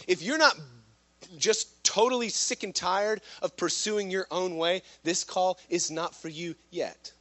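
A man preaching a sermon to a live room, impassioned, swinging from loud urgent lines to hushed ones. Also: high voice, measured pace. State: out of breath at times. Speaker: pastor.

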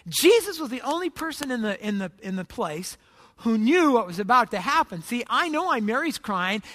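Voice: mid-range voice, fairly bright tone. A pastor preaching a sermon in a conversational storytelling way, with frequent restarts and rhetorical questions to the congregation. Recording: long hall reverb.

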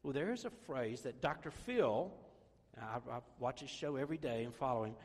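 A man's voice: mid-range voice, lively intonation, moderate pace, long reverb tail. A man preaching a sermon as pastor, conversational and self-deprecating, joking with the congregation.

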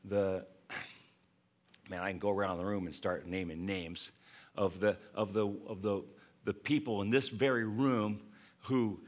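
A man's voice: fairly low pitch, fairly even intonation, a little slow, pauses often. A man preaching a conversational sermon to his congregation, acting out scripture quotes and laughing along the way. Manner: acts out scripture quotes in voices. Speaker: pastor.

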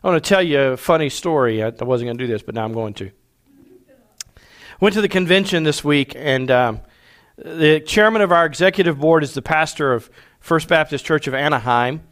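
A man preaching a sermon, folksy and conversational, slowing down for emphasis and speeding through asides. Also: a little high, a bit bright. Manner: folksy, varies pace from slow emphatic to rapid asides. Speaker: pastor. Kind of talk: sermon with storytelling.

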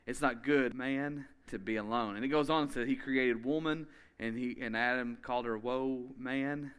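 Man, pastor, sermon, emphatic, energetic, repeats key lines slowly. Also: medium pitch, clean tone. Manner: energetic, with quick bursts of speech.

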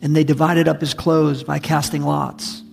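Male pastor, sermon delivery, gravelly voice a touch above average pitch, long church reverb. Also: level tone, normal speed, soft background music. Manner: conversational, emphatic preaching with repetition. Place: church sanctuary.

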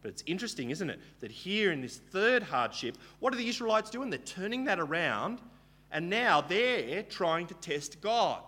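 A man's voice: sits high, big pitch swings, normal speed, sharp tone. A man preaching a Bible teaching sermon, retelling the story casually and asking rhetorical questions.

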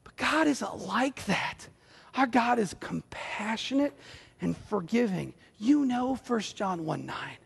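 A male pastor preaching a sermon in an earnest, conversational way with animated asides. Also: sits high, slow pace, vocal fry, breathy edge. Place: church sanctuary. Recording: long church hall reverb.

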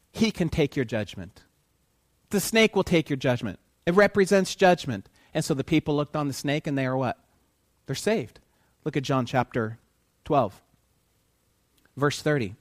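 A man's voice: a little high, expressive, no echo, clean studio sound. Dramatic male preacher asking questions. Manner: asks the audience questions and pauses for answers; swings from quiet to loud, dramatic emphasis. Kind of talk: sermon.

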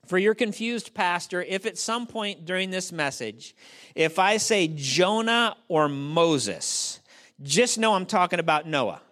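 A man's voice: high-pitched, lively intonation, unhurried, fairly bright tone. A male pastor preaching a sermon in a conversational way, asking the congregation rhetorical questions and joking about himself.

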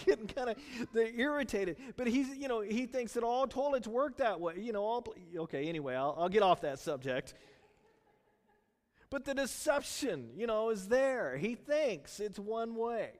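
High-voiced man preaching in a reverberant church. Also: normal speed. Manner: conversational, storytelling, animated. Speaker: pastor. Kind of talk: sermon.

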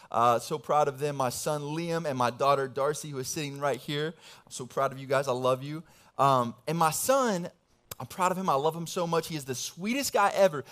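A young man, a pastor, giving a casual, animated sermon full of slang and family stories. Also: a little high.

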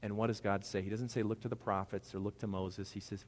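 A man preaching a sermon in a conversational, animated way, with casual asides to the congregation. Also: lowish voice, quick pace, few pauses, slight background noise. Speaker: pastor. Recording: long hall reverb.

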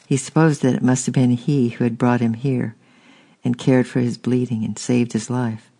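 A man's voice: mid-range voice, level tone, moderate pace, creaky, mellow, slightly rough. A man narrating a storybook steadily and unhurriedly, with small restarts. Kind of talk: audiobook narration.

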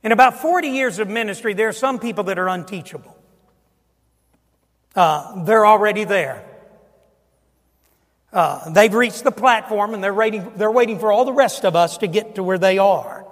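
An older man, a pastor, preaching a sermon, swinging from booming emphasis down to hushed, near-whispered asides. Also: normal speed, pauses often, long reverb tail. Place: church sanctuary.

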